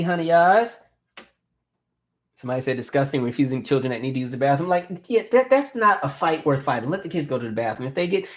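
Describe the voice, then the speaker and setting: A man in his thirties hosts a relaxed live stream and chats with his viewers. He tells stories with lively energy and reads their comments out loud in an ordinary mid-range voice. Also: mid-range voice. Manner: animated storytelling, reads viewer comments aloud. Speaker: host. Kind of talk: casual live-stream chat.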